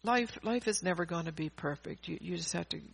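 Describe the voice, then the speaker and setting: A woman's voice: lowish voice, fairly quick, vocal fry, slightly rough. An older woman preaching an earnest sermon, often repeating and restarting her phrases.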